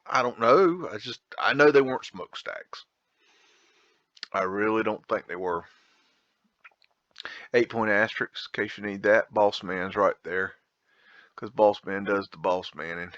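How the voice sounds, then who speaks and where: A man's voice: fairly low pitch, measured pace, pauses often, a bit bright, no room sound, lo-fi sound. A man hosting a casual photo tour, rambling, blunt and profane, with a folksy drawl. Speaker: video host.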